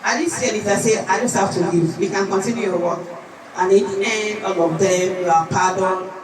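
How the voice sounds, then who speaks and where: A woman's voice: mid-range voice, a little fast, noisy background. Woman lecturing in an echoey hall. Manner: earnest, storytelling, acts out quoted voices. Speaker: teacher giving a conference talk. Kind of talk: lecture with a personal story. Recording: echoey hall, distant mic, audience.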